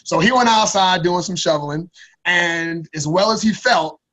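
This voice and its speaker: Man, thirties, high-pitched, casual storytelling, slangy, repeats words, podcast guest. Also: normal speed, fairly bright tone.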